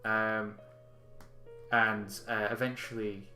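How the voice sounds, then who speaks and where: A man narrating as game master of a tabletop game, relaxed and halting, with many fillers. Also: fairly low pitch, echoey room, faint music behind.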